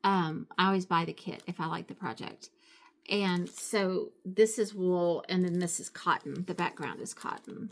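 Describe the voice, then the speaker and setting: A middle-aged woman with a lowish, fairly bright voice presents her craft supplies at home as a vlogger. It's casual show-and-tell, chatty and a little rambling, with frequent fillers and self-corrections.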